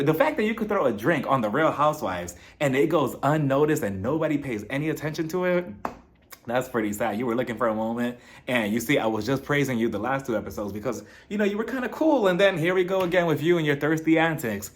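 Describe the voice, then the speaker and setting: A man in the middle of a reality show recap, talking in a casual and sassy way. His voice sits at an ordinary, mid-level pitch for a man. He stays lively throughout, with plenty of playful attitude. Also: brisk. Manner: animated and sassy, acts out quotes, laughs often.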